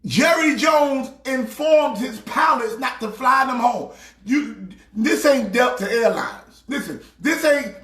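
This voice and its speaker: A man with a very high, bright voice rants and shouts at a slow, drawn-out pace. He is a pastor mocking a team for laughs. His voice echoes around the room. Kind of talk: comedic sports rant.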